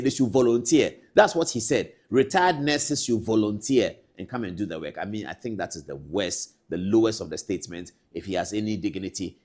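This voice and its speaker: Ghanaian male anchor, husky, animated pitch, indignant studio commentary. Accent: Ghanaian English. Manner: indignant, rhetorical questions, swings between loud and hushed. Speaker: TV news anchor.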